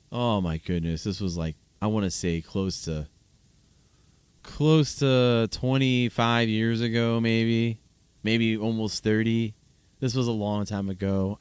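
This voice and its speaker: A man's voice: lowish voice, clean tone, no echo. A man in his thirties hosting a solo podcast, chatting casually in a rambling, amused way with frequent restarts. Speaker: podcast host. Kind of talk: solo casual podcast chat reacting to videos.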